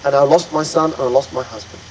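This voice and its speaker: A man's voice: medium pitch, steady tone, quick pace, darkish tone, a little hiss or hum, close to an everyday voice, rough recording. A man voicing a grieving young mother who pleads and repeats herself in a retold story. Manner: pleading, repetitive.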